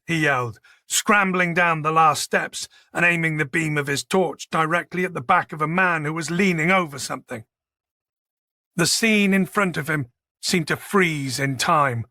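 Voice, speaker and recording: Male audiobook narrator with a gravelly edge. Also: on the high side, sharp tone, dry recording, clean studio sound. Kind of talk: scripted narration.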